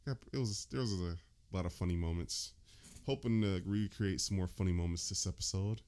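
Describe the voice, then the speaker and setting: A man's voice: low-pitched, brisk, darkish tone. A man hosting a casual let's-play, easygoing and laughing often. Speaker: host.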